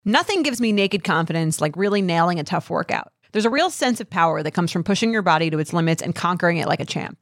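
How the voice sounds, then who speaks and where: A woman's voice: lowish voice, lively intonation, fast, few pauses. A woman host reading an advertisement with an upbeat, enthusiastic delivery.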